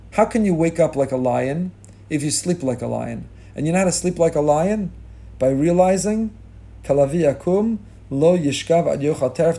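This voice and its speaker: A middle-aged rabbi giving a sermon with rising emphasis, mixing in Hebrew and Yiddish religious terms. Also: male voice, mid-range voice, mellow, slight background noise. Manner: impassioned, rising emphasis on key lines.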